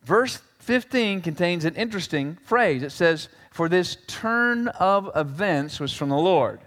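A male pastor preaches in a lively, animated, conversational way, his voice sitting high and swinging widely in pitch. His words ring out in a church hall with a long, echoing reverb. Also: unhurried. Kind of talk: sermon.

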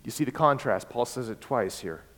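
A man preaching a sermon, emphatic and repeating key words, swinging between loud and soft. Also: mid-range voice, expressive, moderate pace. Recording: long hall reverb.

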